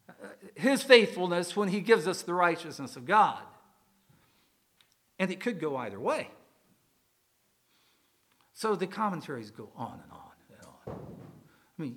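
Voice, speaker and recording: A man preaching to his congregation in a relaxed, conversational way, often asking the listeners questions. His voice sits high for a man and has a bright, clear edge. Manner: conversational, asks the congregation questions, uses some fillers. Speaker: pastor. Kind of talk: sermon.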